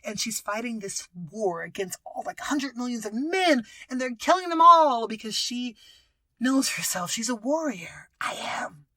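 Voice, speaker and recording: A woman hosting a podcast, telling a story in a casual, animated way and often dropping into whispers. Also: on the high side, normal speed, no room sound. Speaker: podcast host.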